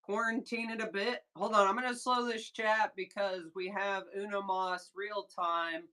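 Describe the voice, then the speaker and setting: A woman hosting a casual live sales stream, chatting excitedly with viewers and reading their comments aloud. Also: medium pitch, unhurried. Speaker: livestream seller host. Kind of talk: casual livestream chat with viewers.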